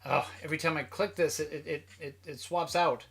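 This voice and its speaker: A man's voice: fairly high pitch, fairly even intonation, fairly quick, gravelly, a bit bright, husky. A man from Minnesota hosting a live stream, chatting casually in a rambling way that keeps breaking off and restarting. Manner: rambling, self-interrupting, chatty.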